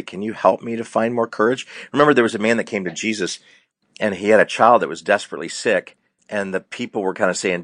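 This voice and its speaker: A middle-aged man, a counselor, talking earnestly in a preacher-like way, slowing down and speeding up for emphasis. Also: deep voice, fairly bright tone, no echo, studio quality. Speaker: counselor, show guest. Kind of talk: casual faith-based talk.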